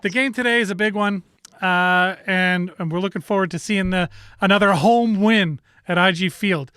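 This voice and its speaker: A man's voice: high-pitched, moderate pace, bright, forceful tone, clear, resonant tone, no echo. A man hosting a casual sports talk show, rambling and self-correcting with easy laughs. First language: bilingual in French.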